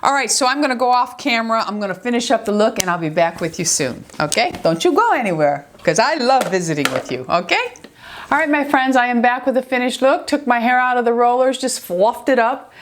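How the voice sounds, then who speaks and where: A woman's voice: on the high side, fast, hardly any pauses, slight background noise. An older woman from New York with a New York accent, giving a chatty, affectionate makeup tutorial and often checking in with her viewers. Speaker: beauty vlogger.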